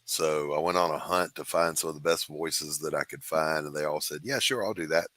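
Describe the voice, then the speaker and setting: Very deep, bright-toned man. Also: little pitch movement, moderate pace, dry recording. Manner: upbeat, salesy and matter-of-fact. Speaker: host. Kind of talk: casual chat and crowdfunding pitch.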